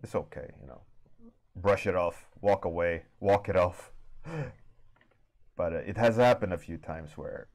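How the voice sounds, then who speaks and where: A man with a deep, low voice chats casually with viewers during a live art warmup stream. He talks in an easygoing, unhurried way and drawls his words out slowly. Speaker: artist streaming a warmup session. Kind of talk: casual chat to a live audience.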